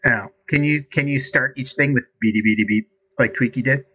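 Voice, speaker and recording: A man's voice: medium pitch, brisk, pushed and bright, slightly rough, dull audio. A man casually testing a voice assistant, talking hesitantly with ums and restarts. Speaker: user testing an AI voice app. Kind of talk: casual chat.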